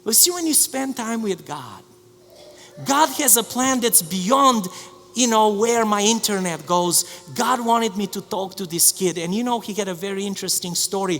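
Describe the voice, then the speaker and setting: High-voiced pastor telling a story. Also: male voice, long reverb tail. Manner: storytelling, animated with many restarts. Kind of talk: sermon. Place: church sanctuary.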